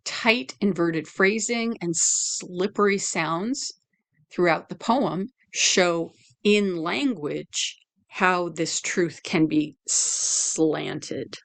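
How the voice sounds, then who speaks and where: A woman teacher giving a lecture analyzing a poem, deliberate, with fillers and self-corrections. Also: on the low side, gravelly, a bit bright.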